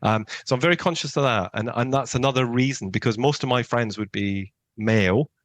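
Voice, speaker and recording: A man's voice: medium pitch, a little fast, no room sound. A man co-hosting a podcast, chatting casually in a rambling, self-deprecating way. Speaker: podcast co-host.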